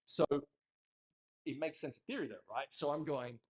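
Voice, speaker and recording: A man teaching a dance class in a studio, talking casually and in an animated way, joking bluntly and swearing now and then. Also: on the high side, moderate pace, pauses often. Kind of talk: casual instructional talk.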